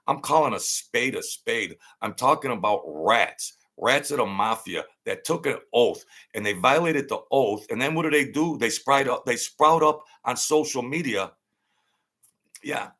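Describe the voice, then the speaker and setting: Ranting on his livestream in a slow, deliberate drawl, a middle-aged channel host answers chat and keeps repeating his jabs. His medium-pitched voice is bright and forceful with a sharp, mocking edge, and his loud rants give way to laughter.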